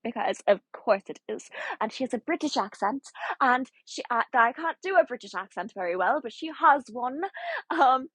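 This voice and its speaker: A woman's voice: a little high, lively intonation, moderate pace, a bit bright, breathy edge, no room sound. A young woman chatting casually about a TV show, rambling with lots of fillers and asides, sometimes dropping to a whisper. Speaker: video essayist. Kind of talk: casual chat.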